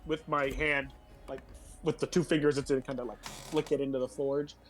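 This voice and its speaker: A man's voice: mid-range voice, flat delivery, normal speed, faint music behind. A man playing a tabletop game, describing his actions in a playful, rambling way. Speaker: player. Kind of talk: casual tabletop game play.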